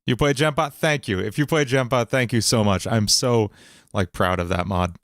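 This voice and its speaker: On a livestream, a man with a mid-range voice chats casually at a moderate pace while producing a song cover. He talks to himself as he troubleshoots his recording software.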